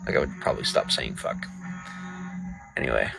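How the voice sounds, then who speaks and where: A man's voice: rumbling low, wildly swooping pitch, normal speed, gravelly, pauses often, fairly bright tone, faint music behind. A man on a livestream chatting casually with viewers, crude, profane and riled up.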